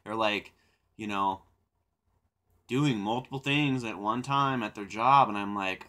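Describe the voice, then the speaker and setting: A man's voice: lowish voice, unhurried, long pauses. A young man hosting a live stream, chatting casually with viewers in a rambling way, with repeated words and laughter. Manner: reflective and calm when talking about silence. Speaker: livestream host.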